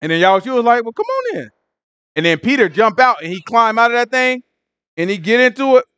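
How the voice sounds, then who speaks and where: Animated high-voiced man teaching scripture. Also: quick pace, clean tone, no echo. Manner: animated storytelling, acting out the scene in voices. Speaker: Bible study teacher. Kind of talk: casual Bible study teaching.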